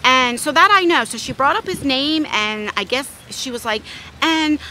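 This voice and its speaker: A woman's voice: sits high, expressive, normal speed, bright, forceful tone, a little hiss or hum. A middle-aged woman vlogger telling a story in a casual, blunt way, with some swearing.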